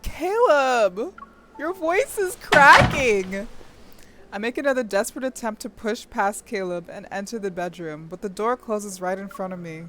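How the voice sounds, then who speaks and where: A young woman streaming, reading a game's story aloud and breaking off into gushing, excitable commentary with squeals and laughter. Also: mid-range voice, brisk, few pauses, background noise.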